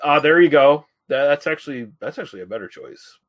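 A man with a slightly higher voice co-hosting a relaxed film podcast, retelling scenes with lots of swearing. He talks in an animated way and jumps into quick asides. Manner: profane, animated storytelling. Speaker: podcast co-host. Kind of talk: casual film-review chat.

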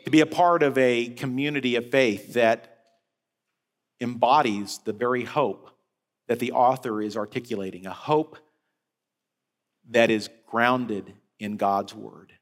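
A man preaching a sermon as head of a senior-care ministry, telling a story with animated rises and falls. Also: mid-range voice. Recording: long hall reverb.

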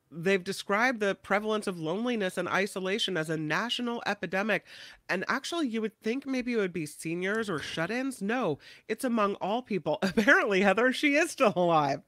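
A man's voice: high-pitched, fairly bright tone, dry recording, clean studio sound. A man co-hosting a show, chatting casually about the news and laughing easily. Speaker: show co-host.

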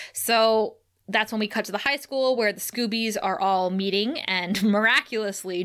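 Woman, podcast co-host, casual recap chat, animated, laughs often. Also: mid-range voice. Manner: animated, laughs often, acts out characters' lines.

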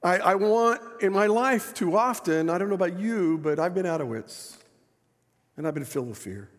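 A man's voice: sits high, lively intonation, normal speed. A middle-aged man preaching a sermon as pastor, telling stories in a conversational way and often turning to the congregation with questions. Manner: conversational storytelling, asks the congregation. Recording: echoey church hall.

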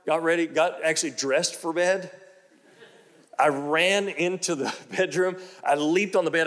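Here a middle-aged man, a pastor, gives a sermon that swings between measured, deep-voiced storytelling and excited, booming exclamations. Repetition of key phrases adds weight to what he says.

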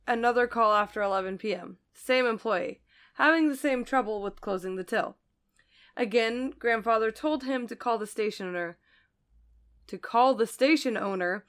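A woman's voice: a little high, a bit bright, clean tone. A woman co-hosting a casual chat show, reading a listener's story aloud and laughing often. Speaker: podcast co-host reading listener stories.

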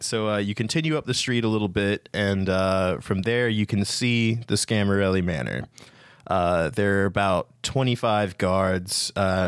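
Dude gm narrating a tabletop game, kinda low voice, dry close sound, bit of music behind. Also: male voice, fairly bright tone, clear, resonant tone, no echo. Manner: casual, lots of fillers. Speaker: game master.

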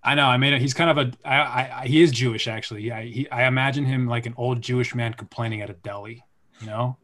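Man, mid-pitched, co-hosting a casual chat, loose and rambling. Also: fairly even intonation, fast talker, a bit bright. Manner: rambling, filler-heavy. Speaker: podcast co-host, actor.

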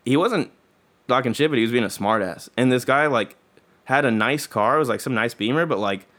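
A young man speaks briskly in a mid-range, fairly bright voice while telling an easygoing story, using profanity and slang and playing out what others said.

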